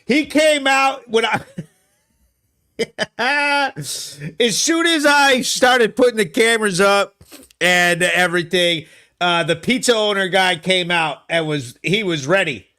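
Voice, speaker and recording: A man hosting his own live show alone in a studio, excitable and laughing, swearing freely. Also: sits high, slow pace, clear, resonant tone. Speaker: host. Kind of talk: solo live show commentary.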